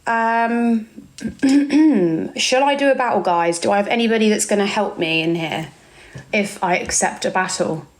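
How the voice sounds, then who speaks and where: A woman's voice: mid-range voice, unhurried. A young woman with an English accent, chatting casually on a live stream, reading out viewer comments and calling people darling. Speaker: livestreamer.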